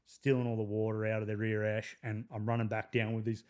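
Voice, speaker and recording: An Australian man in his thirties, a podcast guest and army veteran, telling crude, lively stories in a casual way. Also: lowish voice, fairly quick. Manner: crude, swearing, lively anecdotes with frequent "like". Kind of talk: casual storytelling.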